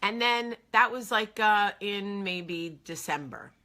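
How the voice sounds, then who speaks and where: A woman's voice: medium pitch, slow pace, bright, forceful tone. A woman in her forties from New Jersey, hosting and telling a personal story in a chatty, emotional way. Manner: chatty, emotional, filler-heavy. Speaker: host. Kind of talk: casual storytelling.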